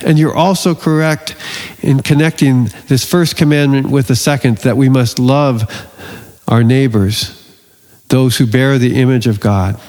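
A man's voice: medium pitch, measured pace, a little mellow, big-room sound, natural voice. A man voicing an old male teacher of the law who lectures and praises his former student, in a sermon. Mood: approving.

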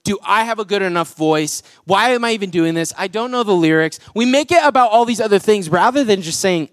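High-voiced young male pastor, chatty. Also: animated, brisk, few pauses, a bit bright, dry recording, studio quality. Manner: chatty, jokey, full of "like" fillers. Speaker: pastor and worship leader. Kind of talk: casual conversational sermon. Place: church auditorium with a congregation.

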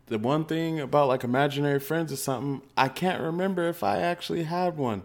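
A man hosting a podcast, telling stories in casual slang with animated delivery and frequent laughs. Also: fairly high pitch, brisk. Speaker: podcast host.

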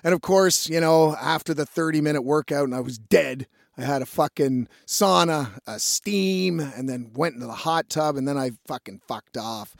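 A man's voice: on the high side, moderate pace, gravelly, hardly any pauses, no echo, clean studio sound. A male musician telling a rambling story in a casual monologue, swearing often and laughing as he goes.

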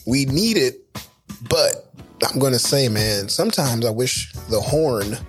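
A middle-aged man hosting a casual podcast, talking in animated stories full of swearing and sound mimicry. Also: mid-range voice, a little slow, soft background music. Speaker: podcast host. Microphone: studio headphones and mic.

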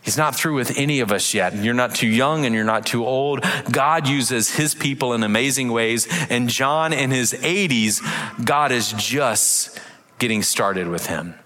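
A man preaching a sermon as pastor, animated, acting out little voices and reading scripture aloud. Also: mid-range voice, a little slow, long reverb tail.

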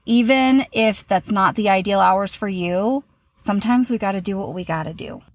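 A woman in her thirties hosts a solo podcast, speaking at a moderate pace in a medium-pitched voice. She talks candidly and chattily about her week, mocking herself along the way. The recording is dry.

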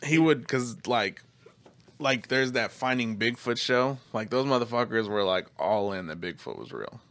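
A man's voice: medium pitch, lively intonation, moderate pace, a bit bright. A man hosting a podcast, chatting in a loose, profane, laid-back way. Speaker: podcast host. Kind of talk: casual chat.

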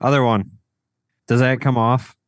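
A man's voice: medium pitch, flat delivery, a little slow, dry recording, clean studio sound. A man co-hosting a podcast in casual chat, teasing and joking with the others. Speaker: podcast co-host.

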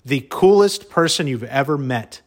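A man telling a personal story in a casual monologue, excitable, often stumbling and repeating his words, peppered with "y'all" and mild cussing. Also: medium pitch, moderate pace.

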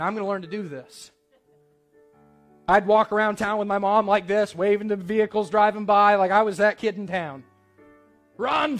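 A man's voice: high voice, a bit bright. A man preaching a sermon to his church, telling a personal story in a conversational, earnest way. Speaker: pastor.

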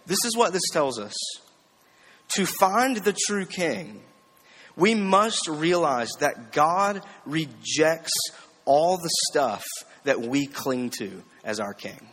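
A man's voice: on the high side, fairly bright tone, big-room sound. A man preaching a conversational sermon, often checking in with rhetorical questions and slipping in light self-deprecating jokes. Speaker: preacher teaching a series.

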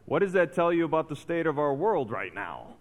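A man preaching to his congregation in a fairly high voice. His sermon swings between animated storytelling and hushed, weighty emphasis. The long reverb of a large church hall trails after each phrase. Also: a little fast. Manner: animated storytelling, dropping to soft intense emphasis. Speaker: pastor.

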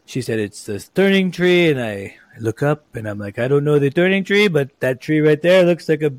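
A man imitating an older male Italian flight examiner with a thick, admittedly poor Italian accent that drifts toward French, telling an animated story. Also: fairly high pitch, a little fast, no room sound, voice pushed up, natural voice. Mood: amused. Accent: Italian, exaggerated.

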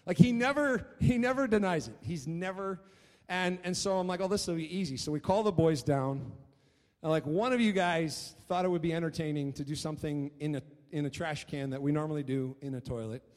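A man preaching a sermon as pastor, telling stories in an animated way and often repeating his words. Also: on the high side, brisk. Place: church hall. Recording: long reverb of a church hall.

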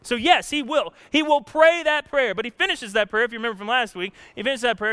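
A man preaching a sermon in an animated way, moving from hushed asides to loud outbursts. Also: very high voice, a little fast, clear, resonant tone, dry recording, clean studio sound. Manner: animated, swings from hushed to shouting, laughs often. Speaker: pastor.

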